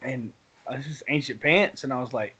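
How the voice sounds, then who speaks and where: A man's voice: mid-range voice, fairly quick, pushed and bright, husky. A man telling a rambling gaming story on a casual podcast, laughing often. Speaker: podcast co-host.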